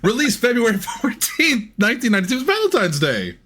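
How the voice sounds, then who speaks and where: A man co-hosting a casual comedy film podcast, telling stories in an animated way and swearing freely. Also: very high voice, brisk. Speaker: podcast co-host.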